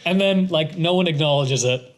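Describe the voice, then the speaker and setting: High-voiced man gushing about a movie. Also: moderate pace, a little hiss or hum. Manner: enthusiastic, swearing, jokey. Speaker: podcast co-host. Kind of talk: casual movie discussion.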